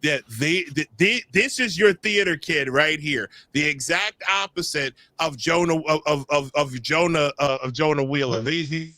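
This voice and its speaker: A man co-hosting a casual podcast, his voice sitting a bit high and sounding bright and forceful. He jokes around, gets worked up, and stumbles into repeated false starts. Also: normal speed, hardly any pauses, no echo. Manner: animated, joking, stumbling restarts. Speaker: podcast co-host. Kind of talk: casual chat.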